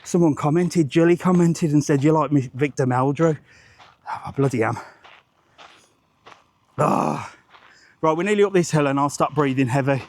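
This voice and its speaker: A man's voice: a little high, normal speed, pauses often, darkish tone. A man, chatting rambling and jokey on a live walking vlog outdoors, swearing casually, into a handheld phone. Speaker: travel vlogger.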